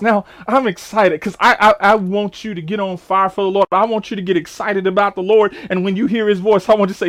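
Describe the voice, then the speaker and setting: A man's voice: sits high, a little fast, few pauses. A man preaching a sermon fervently, often restarting with repeated words.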